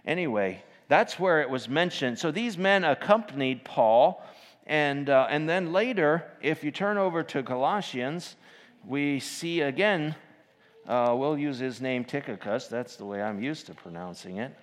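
A man preaching an informal sermon, talking in a halting way with many fillers and restarts and reading scripture aloud. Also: a little high, animated. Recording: long hall reverb.

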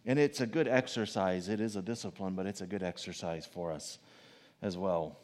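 Animated preacher in a reverberant hall. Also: male voice, low voice, moderate pace. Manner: animated, swings between loud emphatic questions and soft asides. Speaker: pastor. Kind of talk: sermon. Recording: long reverb of a large hall.

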